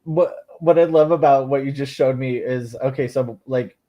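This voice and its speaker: A man's voice: medium pitch, normal speed, dark tone. A man hosting a podcast, chatting casually and rambling with lots of filler words. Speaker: podcast host. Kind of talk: casual chat.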